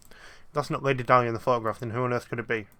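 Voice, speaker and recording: A courteous gentleman professor sleuth from a puzzle game, formal and measured, read by a man. The voice is bright and the pace is quick. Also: mid-range voice, fairly even intonation, clear, resonant tone, lightly acted. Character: calm, polite gentleman professor detective.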